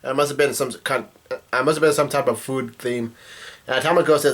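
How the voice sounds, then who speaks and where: Guy vlogging a comic recap, mid-pitched, rambly, lots of ums. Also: steady tone, brisk, a bit bright. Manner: rambling with many fillers and restarts. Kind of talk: casual chat reacting to a comic chapter.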